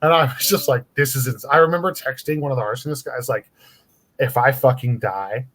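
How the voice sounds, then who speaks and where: Chill dude host, mid-pitch voice, swears a bunch and says dude constantly. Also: male voice, quick pace, fairly bright tone. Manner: laid-back, says dude often, profane. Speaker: podcast host. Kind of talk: casual chat.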